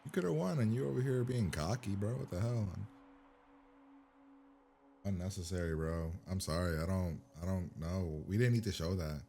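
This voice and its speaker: A man's voice: low-pitched, warm tone, slight background noise. A man reacting to a TV episode for the first time, blunt and profane, firing incredulous questions at the screen. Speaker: reaction host.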